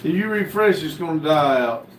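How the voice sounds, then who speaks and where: A man's voice: a little high, animated, normal speed, a little hiss or hum. Distant man bantering on a livestream. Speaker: livestream co-host. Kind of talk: casual livestream chat. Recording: roomy sound, away from the mic.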